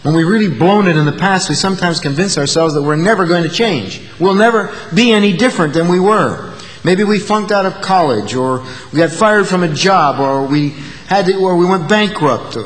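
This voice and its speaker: A man's voice: high voice, normal speed, long reverb tail, rough recording. A male pastor delivering an earnest sermon, building to emphatic peaks. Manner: earnest, rising to emphatic peaks, acting out quoted insults.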